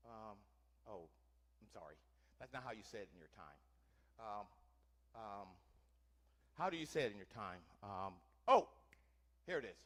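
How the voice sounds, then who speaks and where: A man's voice: fairly low pitch, expressive, moderate pace, pauses often. A man doing a first-person historical reenactment for a live audience, playing a wagon teamster and quizzing listeners with questions in a theatrical way. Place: church hall, before an audience.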